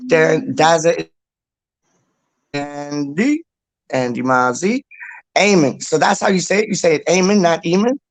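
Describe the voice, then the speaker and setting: A man's voice: on the high side, animated, measured pace, long pauses, no room sound. A man hosting a casual livestream, rambling and repeating himself as he reads out comments and swears in passing. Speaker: livestream host. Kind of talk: casual chat reading viewer comments.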